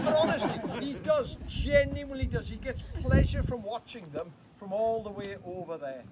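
A man with a Welsh accent giving a chatty, teasing, rambling speech to open a bird hide, full of asides. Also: high voice. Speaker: guest speaker opening a bird hide. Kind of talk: humorous off-the-cuff public speech. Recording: crowd noise and background chatter.

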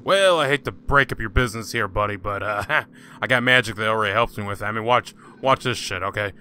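A man's voice: on the low side, a little fast, sharp tone, slight background noise. A man hosting a casual gaming let's-play, joking sarcastically and talking back to the game's characters. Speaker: gaming channel host.

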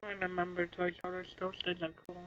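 A tired woman streamer in casual chat, soft-spoken and apologetic, yawning now and then. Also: lowish voice, completely flat delivery, brisk, lo-fi sound.

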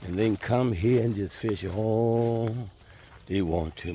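A man's voice: fairly low pitch, measured pace, warm tone. A man giving a folksy, conversational tour of his land while walking outdoors by a pond. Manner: folksy, conversational, Southern US speech. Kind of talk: casual walking video tour. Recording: faint outdoor noise. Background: birds and insects.

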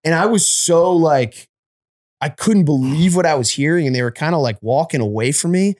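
Animated laughing podcast man. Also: on the high side, moderate pace. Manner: animated, laughing, profane storyteller. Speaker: comedian podcast co-host or guest. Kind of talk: casual comedy podcast chat.

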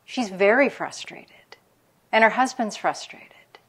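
A woman's voice: mid-range voice, slow, fairly bright tone, husky. Candid woman physician giving a lecture. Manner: candid, anecdotal, speaks frankly about caregivers' feelings. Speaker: palliative care physician. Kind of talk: public medical lecture.

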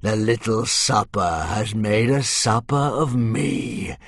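A man voicing a huge, dying, vengeful male sea dragon in an audiobook, hissing slowly and with menace. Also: fairly low pitch, dry recording, studio quality. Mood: menacing. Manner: slow, drawn-out hissing menace. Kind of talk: audiobook character voice.

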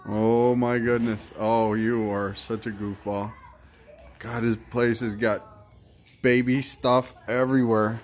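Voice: medium pitch, little pitch movement, slow pace, slight background noise. Sing-song parent cooing at babies. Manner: sing-song, encouraging baby talk. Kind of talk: home video, talking to babies.

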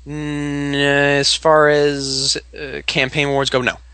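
A man's voice: on the high side, completely flat delivery, slow, sharp tone, clean tone, dry recording, poor audio. A man co-hosting a casual podcast about tabletop games, giving his views as a game master in an emphatic, opinionated way.

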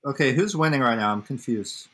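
A man's voice: medium pitch, lively intonation, fairly quick, bright, forceful tone. A male guest streamer in casual livestream chat, joking around playfully.

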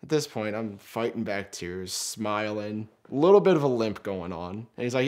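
A man's voice: on the low side, normal speed, hardly any pauses. A young man telling a story in a casual, self-mocking way, acting out what he and his friends said. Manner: animated, self-mocking, acts out quoted lines.

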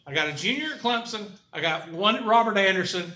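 A man's voice: high voice, expressive, a little fast, pushed and bright. Blunt Southern man lecturing a class. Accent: Southern American. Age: middle-aged. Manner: blunt, folksy, asks the class questions. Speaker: college instructor. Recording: lo-fi, echoey classroom.

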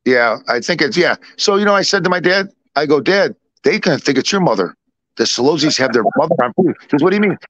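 In casual podcast chat, a middle-aged co-host spins a rambling family tale, going over points again and voicing everyone involved on both sides. His voice is on the high side, expressive, a bit bright, and a little fast, with no room sound.

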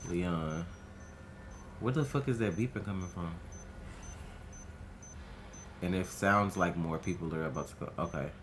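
A man streaming a horror game, talking to himself in casual, profane, excitable commentary. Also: deep voice, measured pace, pauses often, a little hiss or hum. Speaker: gaming streamer.

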